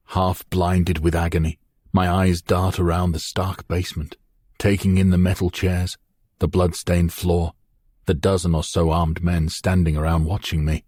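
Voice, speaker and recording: A man's voice: low-pitched, darkish tone, no echo. A man narrating a gritty first-person crime novel in an intense, dramatic manner, close on the mic. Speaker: audiobook narrator.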